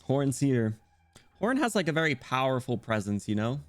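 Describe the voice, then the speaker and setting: Young British male streamer, loose and playful, mid-pitched, dry close mic, faint music under. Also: sing-song, normal speed, dry recording. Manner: rambling and playful, frequent throat clearing. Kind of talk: casual live-stream chat while reading game dialogue.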